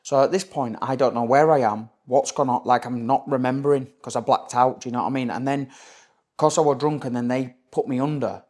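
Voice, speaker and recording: A young Yorkshire man talks as a podcast guest, recounting his own story in plain, blunt words. He swears freely and keeps checking in with "do you know what I mean" and "mate." His voice sits at an everyday male pitch. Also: fairly even intonation, fairly quick, darkish tone. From Leeds area, England. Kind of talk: candid personal storytelling.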